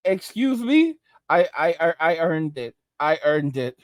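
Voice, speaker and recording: A man's voice: a little high, fairly even intonation, a little slow, clean tone, no room sound, close to an everyday voice. A man voicing a whiny elderly retiree who indignantly defends his pension and stammers.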